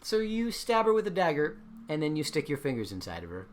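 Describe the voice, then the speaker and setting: A male dungeon master narrates the scene with lively, swinging pitch. He is playful and animated, breaking into laughs as he describes the action. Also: fairly quick, crowd noise. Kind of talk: narrating a tabletop game.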